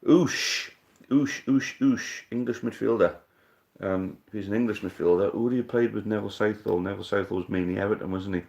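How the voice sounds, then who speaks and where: A man with a very low voice runs a live online quiz and chats loosely with the players. He thinks out loud, curses lightly, and keeps calling everyone mate. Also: steady tone, fast, creaky. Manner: thinks aloud, swears casually, calls people mate. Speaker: live-stream quiz host. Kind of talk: casual live-stream chat.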